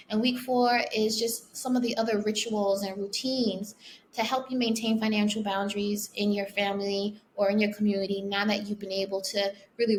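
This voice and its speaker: Woman, podcast guest, earnest, reflective, slightly high voice, faint background noise. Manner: earnest, reflective, speaks in long flowing sentences. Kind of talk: casual interview talk.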